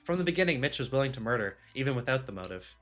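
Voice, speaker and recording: Guy reading a chill young student laying out the case, bright voice, faint music. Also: mid-range voice, very animated, racing.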